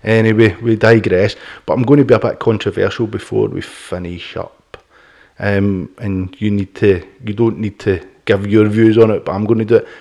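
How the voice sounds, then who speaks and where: A man's voice: lowish voice, steady tone, normal speed, a little mellow. A middle-aged man hosting a podcast, talking bluntly and opinionatedly, swearing and laughing often. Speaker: podcast host. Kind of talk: casual podcast chat.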